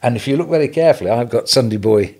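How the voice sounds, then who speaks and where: An older English man, a retail businessman, telling stories as a guest on an interview podcast, animated and chuckling as he goes. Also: mid-range voice, racing. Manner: animated anecdotal storytelling, chuckling. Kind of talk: storytelling interview.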